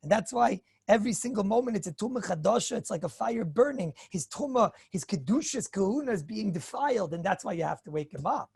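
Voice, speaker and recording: A man, a rabbi, giving a Torah lecture, animated and acting out everyday dialogues, often clearing his throat and chuckling. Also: high voice, a little fast, few pauses, no echo, studio quality. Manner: animated, acts out hypothetical dialogues.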